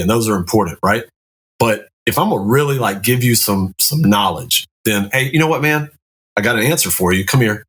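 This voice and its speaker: Low-voiced, candid Navy master chief. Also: male voice, fairly bright tone. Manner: candid, profane, explaining step by step. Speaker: podcast guest, Navy command master chief. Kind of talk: casual podcast chat.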